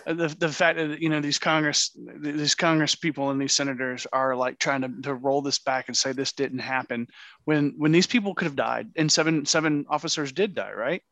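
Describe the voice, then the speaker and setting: Male co-host, higher voice, fired up, stumbling repeats, dry room. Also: steady tone, brisk, a bit bright, dry recording. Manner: passionate, repeats himself. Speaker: podcast co-host. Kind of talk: casual debate chat.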